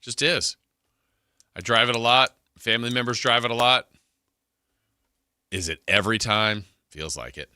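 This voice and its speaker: A man's voice: mid-range voice, normal speed, pauses often, sharp tone, clear, resonant tone, no echo. A man hosting a sports radio show, chatting casually and rambling as he thinks aloud into a studio microphone.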